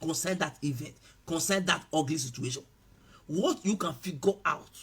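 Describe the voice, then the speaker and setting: A man preaching a sermon, swinging between loud shouted passages and quiet asides. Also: on the high side, normal speed, husky. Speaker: pastor.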